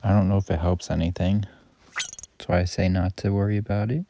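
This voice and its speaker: This male gaming YouTuber talks fairly quickly in a low, flat, creaky voice. He offers casual, meandering commentary on his own gameplay, offhandedly fixing his own slips. There's heavy noise in the background.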